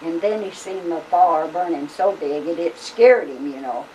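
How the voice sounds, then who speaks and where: The voice is low-pitched, a little mellow, and moderately paced: an older woman casually recounting family stories. She rambles in a folksy manner with plenty of fillers, recorded from a distance on a home camcorder mic with faint hiss.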